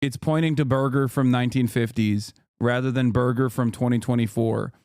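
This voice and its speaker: A man streaming live, reacting to a video with blunt, profane, casual commentary and emphatic jumps in pitch. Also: fairly even intonation, moderate pace, darkish tone, smooth, no echo, studio quality.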